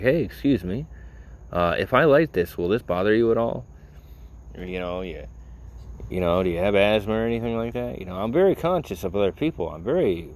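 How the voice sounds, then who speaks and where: A man in a casual vlog, rambling and sarcastic, full of "you know" as he tells a story. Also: lowish voice. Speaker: vlogger. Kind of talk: casual rant.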